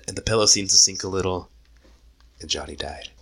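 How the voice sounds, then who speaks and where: A man in his twenties casually retelling a story in a profane, animated way, with frequent laughs. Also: low voice, a little fast. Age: 20s. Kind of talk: casual book discussion.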